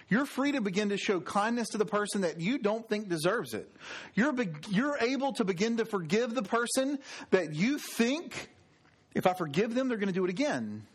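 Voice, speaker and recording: A man delivers a sermon from the pulpit. His voice sits fairly high, and he talks in a chatty storytelling way. He lets his pitch drop low at the close of his phrases. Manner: conversational storytelling preaching, drops pitch at ends. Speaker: pastor.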